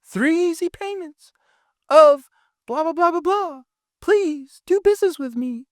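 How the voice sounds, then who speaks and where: Man mimicking a needy salesman, high-pitched, gushing, eager to please, dry close sound. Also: lively intonation, a little slow, dry recording. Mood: fawning. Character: eager fawning male salesperson, needy and overly agreeable.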